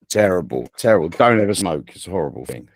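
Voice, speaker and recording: A man's voice: low voice, very animated, moderate pace, no room sound. A man in his forties with an English accent, co-hosting a wrestling podcast in a joking, chatty way, often saying "you know". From England. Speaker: podcast co-host. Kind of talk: casual podcast chat.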